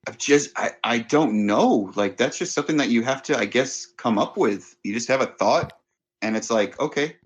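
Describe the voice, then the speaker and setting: A man's voice: mid-range voice, animated, moderate pace, slightly rough. A man in casual podcast banter, answering in a wry, laid-back way.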